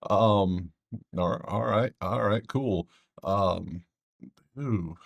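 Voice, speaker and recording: A man's voice: lowish voice, drawn-out words, vocal fry, no room sound. A man hosting a casual sports betting breakdown, rambling with joking asides to his viewers.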